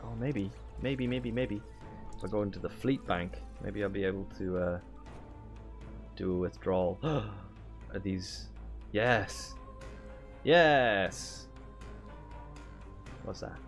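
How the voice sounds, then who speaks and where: Deep voiced guy streaming a game, slow and halting, faint music behind. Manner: relaxed, halting, many fillers. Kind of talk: casual gameplay chat.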